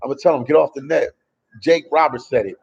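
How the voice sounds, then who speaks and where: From a café in El Salvador, a man from Memphis, USA, chats loosely on a travel livestream, reading and answering viewer comments. His medium-pitched voice is fast, creaky, a little mellow and husky, with the highs cut off.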